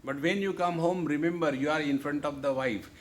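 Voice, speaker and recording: A man's voice: a little high, fairly quick. A man giving a humorous spiritual discourse, joking and often repeating "see, friends". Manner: jovial, repeats "see, friends", playful asides. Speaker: spiritual teacher. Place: lecture hall.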